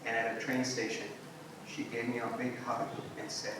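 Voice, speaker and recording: A man giving an animated storytelling talk at a symposium, voicing quotes and dropping to soft tones. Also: medium pitch, normal speed, far from the mic, background noise. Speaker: invited speaker. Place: symposium hall. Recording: echoey hall, picked up from afar.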